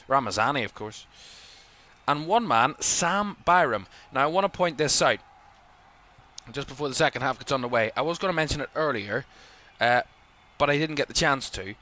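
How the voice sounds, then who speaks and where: A man's voice: medium pitch, sharp tone. A man with a Northern Irish accent from Belfast, hosting live watchalong commentary in a rambling way, full of fillers. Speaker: host.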